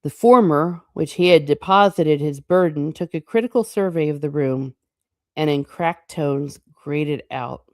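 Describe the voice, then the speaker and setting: Low-voiced lady reading an old novel out loud and riffing on it casually, dry close sound. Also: no echo. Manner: slow, deliberate reading broken by chatty, amused asides. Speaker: host.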